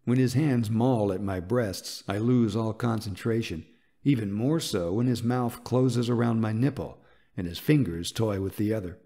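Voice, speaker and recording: Narrating a romance audiobook, a man keeps things soft, intimate and unhurried. He has a fairly low voice and a mellow, dark tone.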